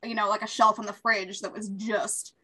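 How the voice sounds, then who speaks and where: Bright-voiced woman in casual chat. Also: medium pitch, flat delivery, moderate pace, poor audio. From Long Island, New York area. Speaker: podcast guest, craftmaker.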